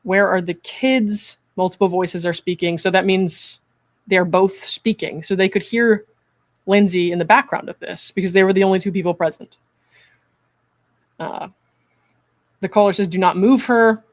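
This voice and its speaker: A measured, earnest commentator talks at a middle pitch, often pausing to check in with the listener. The sound is dry and close, with no room around it. Their delivery moves steadily between reading a transcript and giving their own view. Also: fairly even intonation, dry recording. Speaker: psychiatric evaluator hosting a commentary stream.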